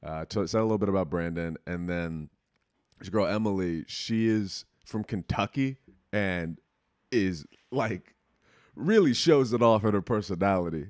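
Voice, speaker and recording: A young podcast host with a low, deep, darkish voice rambles candidly and swears freely in casual chat. He's close to the mic at a moderate pace, and the sound is dry with no room echo.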